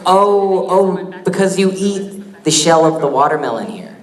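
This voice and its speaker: A man answering audience questions on a convention panel, joking and teasing himself in a quick, easygoing way. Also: high voice, lively intonation. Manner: joking, self-mocking, quick. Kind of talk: casual Q&A on stage. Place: convention hall stage. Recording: echoey hall with crowd.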